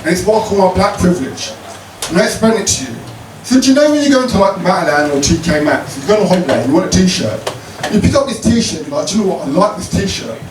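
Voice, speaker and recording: Cheeky high-voiced comic. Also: male voice, big pitch swings, quick pace, crowd noise. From Croydon, South London. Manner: cheeky, punchy, leads call-and-response. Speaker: stand-up comedian. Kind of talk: stand-up routine with crowd work. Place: comedy club stage with a live audience. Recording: roomy live club sound, distant mic, noisy.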